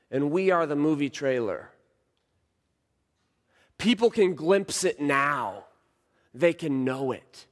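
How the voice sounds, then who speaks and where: A man in his thirties preaching a sermon, telling a story and swinging from hushed lines to shouts. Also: fairly high pitch, animated, slow, long pauses. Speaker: pastor. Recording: long reverb of a large hall.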